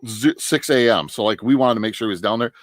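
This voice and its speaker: A man's voice: fairly low pitch, quick pace, no echo. A middle-aged man from northern Michigan, chatting casually on a livestream, telling long stories with many restarts and frequent laughs. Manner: rambling storyteller, laughs often, many restarts. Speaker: livestream guest. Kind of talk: casual chat.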